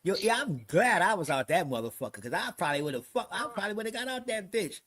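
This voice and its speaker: A middle-aged man from New York telling a story in casual chat, animated and profane, often acting out the people he quotes. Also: sits high, fast talker. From New York City. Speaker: podcast host telling a story.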